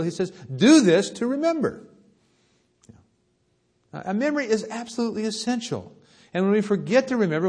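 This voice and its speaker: A man preaching a sermon, telling a story with lively rises and hushed drops. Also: mid-range voice.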